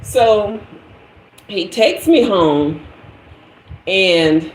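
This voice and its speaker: A woman in her forties, a tarot reader, telling a dramatic story on a livestream in an animated way. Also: medium pitch, drawn-out words, a little hiss or hum. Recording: echoey room.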